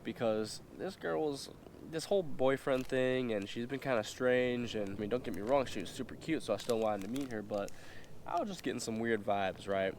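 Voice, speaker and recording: A man's voice: mid-range voice, moderate pace, a little mellow, a little hiss or hum. A young man telling a story in a casual, profane way, with lots of fillers and acted-out quotes. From United States. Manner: loose and profane, full of fillers, acts out quotes. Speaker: vlogger.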